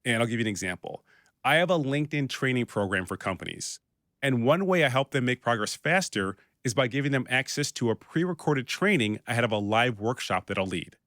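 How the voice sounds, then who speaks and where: A middle-aged man hosting a business podcast, talking straight and practically with a dry joke here and there. His voice sits at an ordinary pitch for a man, recorded close on a mic with a dry, dead sound. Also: expressive, fairly quick, fairly bright tone, no room sound. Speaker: podcast host and business consultant. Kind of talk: scripted podcast monologue.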